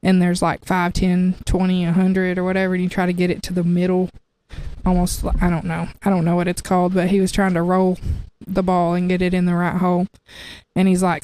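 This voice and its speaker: A young adult woman telling her testimony in casual conversation, chatty and quick to laugh, often restarting her sentences. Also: fairly low pitch, level tone, darkish tone, clean tone, dry recording. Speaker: guest sharing her testimony.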